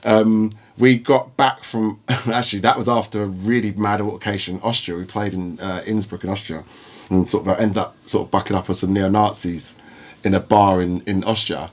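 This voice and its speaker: A man hosting a podcast, telling stories in casual chat, animated and swearing, acting out the people in them. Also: lowish voice, moderate pace. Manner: animated storyteller, swears, acts out voices. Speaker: podcast host.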